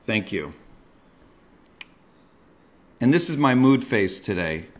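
A middle-aged man hosting a comic monologue, ranting and self-mocking with sudden loud yells. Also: lowish voice, big pitch swings, slow pace. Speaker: comedian host.

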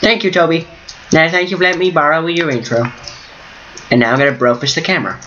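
A goofy, excitable man giving casual commentary while playing a block-building game at home. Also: on the high side, quick pace, lo-fi sound, slight background noise. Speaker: Minecraft let's player. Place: room at home.

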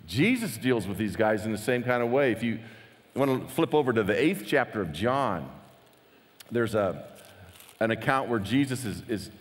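A man preaching a conversational sermon as pastor, animated and lively, acting out the quotes he tells. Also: on the low side, moderate pace, long reverb tail.

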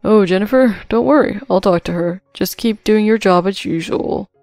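A woman's voice: mid-range voice, normal speed, a little mellow, no room sound, faint music behind, close to an everyday voice. A woman reading as a dismissive male store manager. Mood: placating.

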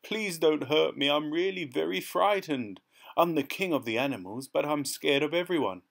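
A man's voice: a little high, lively intonation, moderate pace, creaky, a bit bright, pitched above the performer's own voice, full character voice. A man voicing a frightened, cowardly male lion in a storybook reading, sobbing and hesitant. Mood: tearful. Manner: sobbing and trembling.

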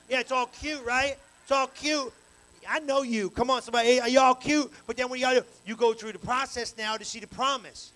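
High, bright-voiced fiery male preacher. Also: brisk, low-quality recording. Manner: animated, colloquial preaching with call-and-response. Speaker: pastor. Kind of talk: live evening sermon. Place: church sanctuary, live service. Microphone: handheld microphone.

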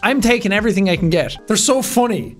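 A man with an Irish Midlands accent, talking in rowdy, expressive casual chat. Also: high-pitched, fast talker, soft background music. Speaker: video creator in played clips.

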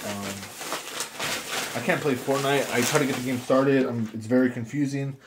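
A young man talks casually to his viewers as he works through a big meal for a mukbang vlog, chatting between bites. His voice sits at an ordinary middle pitch, recorded close at a table with a faint hiss in the background. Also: steady tone, moderate pace. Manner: quiet murmured prayer. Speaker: mukbang vlogger. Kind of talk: casual eating vlog chat.

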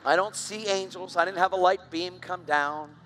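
A man preaching with a high, bright voice that climbs to loud, excited peaks as he tells a story. His sermon delivery is animated and forceful. Faint music plays softly beneath him. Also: normal speed. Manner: animated, voice rising to loud shouts when excited.

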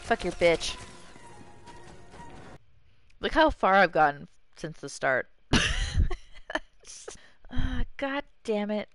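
A woman streaming live gameplay commentary, swearing freely and yelling at the game. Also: mid-range voice, very animated, takes it slowly, long pauses, soft background music. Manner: profane, exclaiming, talks to the game.

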